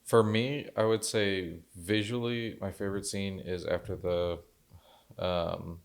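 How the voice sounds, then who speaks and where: Male podcast co-host, low voice, easygoing opinions, frequent quick agreements. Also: steady tone, creaky. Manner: laid-back, many short agreeing replies and fillers. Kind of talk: casual movie review chat.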